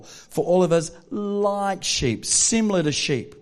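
A man delivers a sermon in a high, light voice. He speaks slowly and deliberately, leaning hard on key phrases and slipping in gentle humor. It sounds like a pastor at the pulpit in church. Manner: emphatic, slow and deliberate with rising force.

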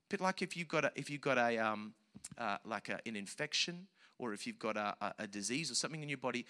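Man, pastor, lively sermon delivery, sharp bright tone. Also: a little high. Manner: animated preacher, big swings from hushed to loud. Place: church service with children present.

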